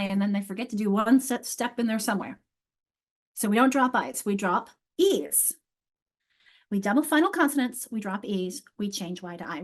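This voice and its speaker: A middle-aged woman leading a live online teacher workshop on a video call mic, explaining with emphasis and repeating key words. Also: mid-range voice. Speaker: literacy instructor leading teacher training.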